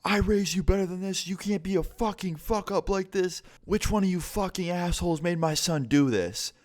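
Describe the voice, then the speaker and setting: Guy doing his friend's dad, middle-aged and raging, yelling way higher than his normal voice, cussing everyone out slowly. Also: natural voice. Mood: furious. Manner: screaming, cursing, threatening. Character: enraged middle-aged dad screaming at teens.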